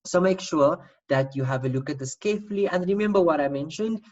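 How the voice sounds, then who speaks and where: A patient teacher walks through a spelling lesson, sounding each word out and repeating it slowly. The voice sits at an ordinary middle pitch. The audio is a little dull and lo-fi. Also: darkish tone.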